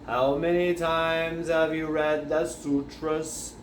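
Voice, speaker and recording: A man voicing a stern older male monk teacher with slow, deliberate delivery. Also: fairly high pitch, level tone, pitched above the performer's own voice. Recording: roomy echo, faint background noise.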